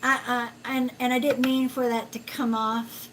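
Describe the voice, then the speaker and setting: A woman giving a live-stream card reading as a psychic, talking gently and haltingly with many fillers and calling viewers sweetheart. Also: a little high, little pitch movement, background noise. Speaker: psychic reader.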